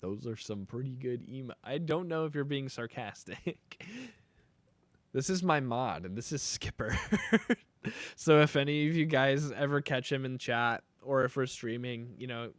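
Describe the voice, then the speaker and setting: A man's voice: mid-range voice, measured pace, no room sound. A young man chatting casually on a live stream while making beats, joking and rambling playfully.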